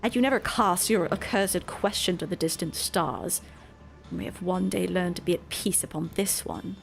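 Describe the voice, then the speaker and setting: A woman voicing solemn ancient scholars from a game story in a put-on British accent, with a grave, measured delivery. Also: lowish voice, vocal fry, soft background music.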